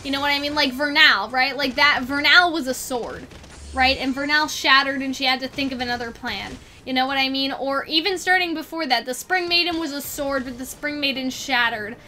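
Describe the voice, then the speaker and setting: Woman, host, high pitch, bright tone, rambling casual chat, voice wearing thin. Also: brisk, a little hiss or hum. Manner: rambling, fillers like 'you know what I mean'. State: losing her voice.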